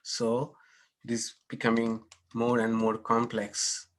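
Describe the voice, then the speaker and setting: Man, swami, scripture class teacher, very slow pace, measured chanting. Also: medium pitch, completely flat delivery. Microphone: online class, unmuting participants.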